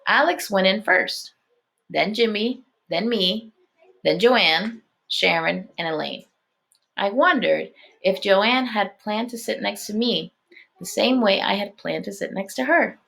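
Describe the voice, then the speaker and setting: Gravelly-voiced woman teacher reading aloud. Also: mid-range voice, unhurried, a bit bright. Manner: checks in with listeners, explaining. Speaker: elementary school teacher. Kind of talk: reading a chapter book aloud to a class.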